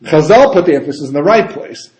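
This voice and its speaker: A man giving a casual Torah talk as a rabbi, animated and full of rhetorical questions and asides. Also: on the high side, fast talker. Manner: animated, rhetorical questions, frequent "you know" and "right?". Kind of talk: casual conversational Torah lecture. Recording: echoey room.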